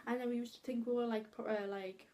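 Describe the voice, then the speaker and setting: A young woman tells a funny story in a casual chat. Her voice sits fairly high, and she laughs often as she talks. She sounds animated and quick to giggle. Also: slight background noise. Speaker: vlogger.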